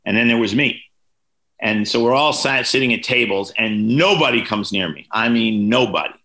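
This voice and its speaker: A man in his sixties, an author, telling lively stories as a podcast guest and acting out the people he quotes. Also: moderate pace. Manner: lively anecdotes, voices quoted people with big pitch jumps. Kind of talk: storytelling in a podcast interview.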